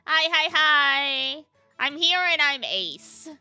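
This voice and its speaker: High, lively woman streamer chatting. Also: drawn-out words, no room sound, soft background music. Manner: chatty, laughs often, reads and answers chat. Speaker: game streamer. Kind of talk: casual stream chat while playing.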